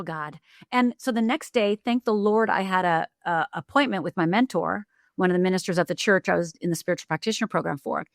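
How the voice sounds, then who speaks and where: A middle-aged woman, a life coach guest on a podcast, telling her story with lively energy. She jumps into the voices of the people she quotes and speeds up in excited bursts. Her voice sits at an ordinary pitch and is recorded close and dry. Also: no echo. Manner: acts out quoted voices, fast bursts with restarts. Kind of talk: animated storytelling.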